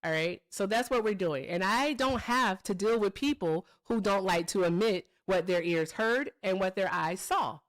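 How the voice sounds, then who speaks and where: A woman's voice: medium pitch, normal speed, few pauses. A woman hosting a live call-in debate stream from a home setup, combative and mocking toward her callers. She repeats her points and pushes hard, in a mid-range voice. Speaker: livestream political debate host.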